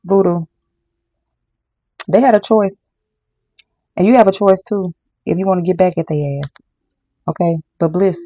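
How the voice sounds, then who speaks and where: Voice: medium pitch, fairly even intonation, unhurried, long pauses, warm tone, husky, no echo. A tarot reader giving a casual card reading to viewers, emphatic and repetitive, often calling the audience y'all.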